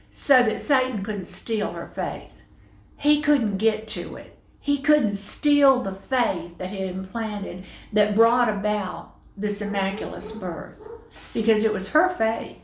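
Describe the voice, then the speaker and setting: Woman preaching a christmas sermon, talks slow and a bit high, roomy echo. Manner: lively storytelling with playful asides.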